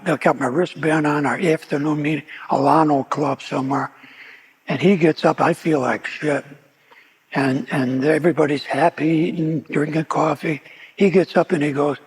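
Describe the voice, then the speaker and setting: A man's voice: fairly high pitch, fairly even intonation, normal speed, breathy edge. A man giving a personal recovery testimony at a meeting, telling his story with frequent restarts and repeated words. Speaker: guest speaker at a recovery meeting. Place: meeting hall. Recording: long hall reverb.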